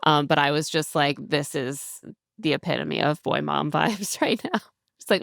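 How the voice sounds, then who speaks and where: Low, gravelly woman recapping chattily. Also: normal speed, dry recording, studio quality. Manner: chatty, animated retelling with quoted voices and laughs. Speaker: podcast co-host. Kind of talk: casual chat recapping a reality show.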